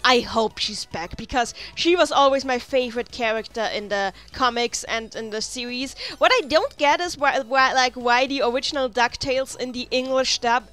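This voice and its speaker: A woman's voice: high-pitched, moderate pace, hardly any pauses, fairly bright tone. A woman casually chatting and rambling while she plays a video game, full of restarts and side remarks. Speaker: let's play host. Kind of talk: casual gameplay commentary. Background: faint game music.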